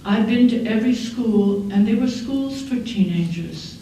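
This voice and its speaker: Older woman keynote speaker, measured and wry, warm low tone, faint room hiss behind her. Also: lively intonation. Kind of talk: storytelling keynote speech. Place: large conference hall. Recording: echoey hall from far off.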